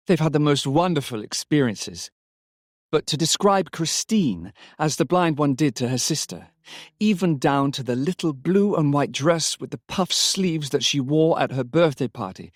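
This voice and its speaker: A man's voice: fairly high pitch, no echo, clean studio sound, voice pushed up, natural voice. A man voicing a grieving young wife who is now overjoyed and urgent, speaking breathlessly and with emphasis. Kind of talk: audiobook character reading.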